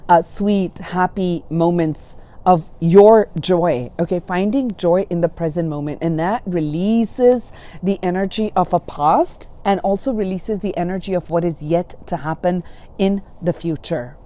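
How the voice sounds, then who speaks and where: Soothing low-voiced woman reading tarot. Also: a little slow. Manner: gentle, soothing, says okay often. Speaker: tarot reader.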